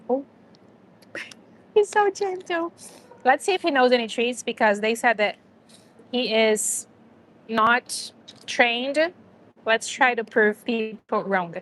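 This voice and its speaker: A woman's voice: on the high side, a bit bright, slight background noise. A woman hosting a casual livestream, chatting to viewers and a dog and laughing often. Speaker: livestream host.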